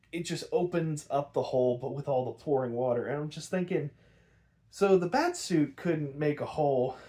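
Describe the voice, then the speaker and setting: A man's voice: medium pitch, mellow. A man casually recapping a cartoon episode, rambling, swearing and laughing often.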